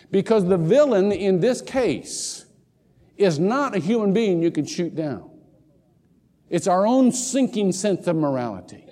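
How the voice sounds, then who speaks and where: An older man preaching a sermon as pastor, telling jokey stories with lots of repeated words. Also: high voice. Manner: animated storytelling, jokey asides, repeats words. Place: church sanctuary. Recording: long hall reverb.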